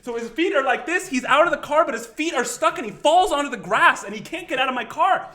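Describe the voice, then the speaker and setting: A man hosting a live stream, telling a story in an animated way, laughing and acting out the scene. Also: very high voice, fast. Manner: animated, laughing, acts out the scene and shouts quotes. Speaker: show host.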